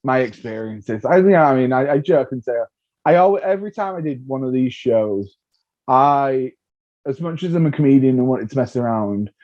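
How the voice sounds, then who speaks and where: Animated man telling comic stories. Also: medium pitch, normal speed. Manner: animated storyteller, acts out voices, laughs often. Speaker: comedian guest. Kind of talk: casual interview chat. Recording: dull lo-fi sound.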